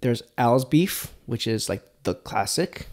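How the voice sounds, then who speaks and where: A man's voice: mid-range voice, animated, slow. A man hosting a food podcast, talking in a rambling, playful way with lots of fillers and a put-on country drawl. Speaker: podcast host. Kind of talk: casual food podcast monologue.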